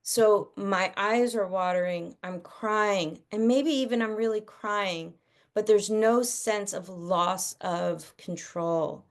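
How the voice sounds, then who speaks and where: A middle-aged woman speaking as a parenting expert on a video call, chatting in a lively way and acting out the voices of parents and children. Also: medium pitch, slow. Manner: animated, acts out kids' and parents' voices. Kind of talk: casual talk over video call.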